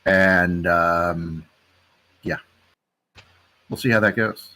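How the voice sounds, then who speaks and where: A man playing a tabletop game, thinking through a plan out loud and second-guessing himself. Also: sits low, steady tone, extremely slow. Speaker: player. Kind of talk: casual tabletop game talk.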